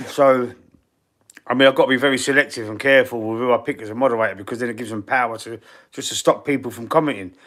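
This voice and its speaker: A middle-aged man with a broad Cockney London accent talks loosely into his streaming mic. He sits at an ordinary middle pitch and wanders between topics. He answers chat messages out loud in a blunt, sweary way. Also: fast. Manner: chatty and rambling, reads viewer comments aloud and answers them. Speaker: football channel live-stream host. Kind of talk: casual live-stream chat.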